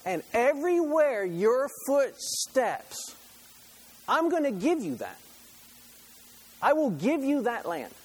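A man's voice: extremely high pitch, big pitch swings, takes it slowly, pauses often, husky, pitched above the performer's own voice, exaggerated voice. A man voicing God as an eager, emphatic deity making a promise in a sermon.

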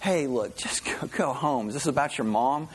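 A man's voice: mid-range voice, normal speed, slightly rough, natural voice. A man voicing an exasperated male boss in a joke, speaking in a raised, incredulous tone.

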